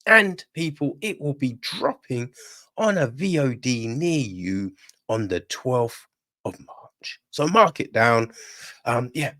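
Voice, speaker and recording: A man's voice: medium pitch, sing-song, slow, pushed and bright. A man hosting a film review podcast, talking casually, bluntly and rambling, swearing freely and grumbling that he is in a bad mood.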